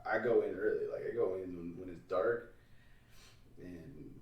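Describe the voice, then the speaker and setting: A man's voice: deep voice, moderate pace, far from the mic, dull audio. A man chatting casually on a podcast, telling a long story in a rambling way, with plenty of swearing and laughter. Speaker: podcast host. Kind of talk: casual chat. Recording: roomy, off-mic sound.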